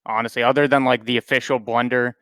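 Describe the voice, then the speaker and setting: A man hosts a relaxed conversation in an even, flat-pitched voice. His tone is smooth and clear, recorded close and dry with no room sound. He rambles in a friendly way, full of filler words. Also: fast, no room sound. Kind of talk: casual chat.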